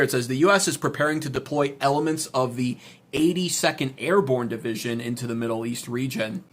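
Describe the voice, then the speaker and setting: A man giving sarcastic, unscripted political commentary with a mocking edge. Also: mid-range voice. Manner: loose, unscripted delivery with restarts.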